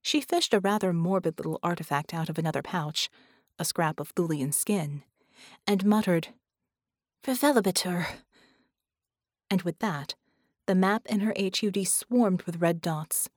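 A woman narrating an audiobook in a measured, steady reading voice. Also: fairly low pitch, no echo, clean studio sound. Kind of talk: scripted narration.

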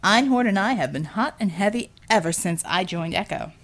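A woman's voice: medium pitch, lively intonation, moderate pace, close to an everyday voice. A woman voicing a cocky, scheming male superhero who talks with brash, teasing salesman patter. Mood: smooth salesman.

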